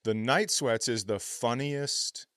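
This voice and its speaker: A man co-hosting a comedy podcast, telling rambling stories and sometimes bursting into loud impressions. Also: medium pitch, takes it slowly, dry recording, clean studio sound. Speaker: podcast co-host. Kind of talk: casual comedy podcast chat.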